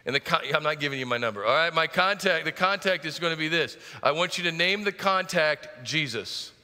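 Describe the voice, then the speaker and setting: A man's voice: on the high side, expressive, a little fast, pushed and bright, in a large hall. A middle-aged man preaching a sermon as pastor, driving points home with rising emphasis and joking asides. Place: church sanctuary.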